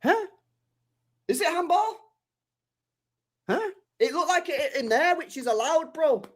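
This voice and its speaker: A young man live-streaming his reaction to a football match, excitable and slangy, shouting at the screen and swearing. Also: very high voice, unhurried.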